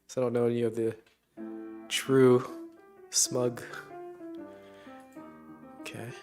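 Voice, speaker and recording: A man's voice: medium pitch, level tone, slow, darkish tone, soft background music. A man on a live stream reacting casually to a video and memes, musing aloud and chuckling as he talks to himself.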